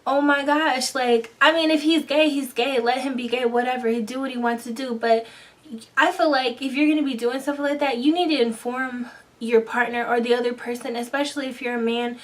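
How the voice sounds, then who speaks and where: A woman tells a personal story straight to the camera in a loose, chatty vlog, acting out the back-and-forth dialogue as she goes. Her voice sits a little high, and she is picked up from a small distance away from the mic. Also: fairly quick. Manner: animated, quotes herself and others in dialogue. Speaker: vlogger.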